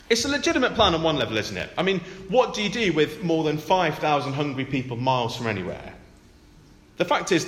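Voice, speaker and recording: A man's voice: medium pitch, fairly bright tone, reverberant, long reverb tail. A man preaching a sermon in a conversational way, with rhetorical tag questions and emphatic repetition.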